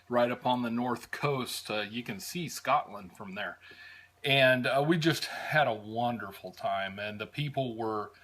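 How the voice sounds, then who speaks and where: An American man recounts his travels in a loose, rambling storytelling style. He pauses often with "uh" and restarts his sentences, his voice sitting in an ordinary middle pitch. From United States. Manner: rambling, many "uh"s and restarts, warm fondness. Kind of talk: casual storytelling.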